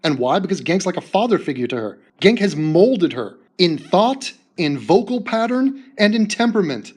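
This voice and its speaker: Man, video commentator, mocking, laughing, crude, high voice. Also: very animated, moderate pace, a little mellow, breathy edge. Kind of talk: commentary over video clips.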